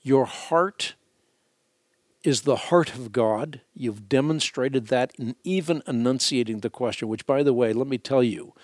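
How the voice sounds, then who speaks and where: A man's voice: medium pitch, unhurried, dry recording, clean studio sound. A male radio host giving earnest, reassuring religious advice to a caller.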